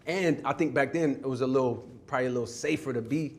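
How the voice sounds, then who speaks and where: A man's voice: medium pitch, fast. A man telling a childhood story in a casual interview, rambling and restarting often. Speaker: interview guest. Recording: played clip.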